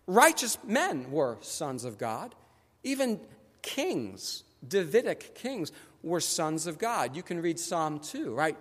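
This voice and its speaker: A man preaching a sermon as pastor, animated and conversational, acting out the people he quotes. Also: a little high, slow pace. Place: church sanctuary. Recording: long church hall reverb.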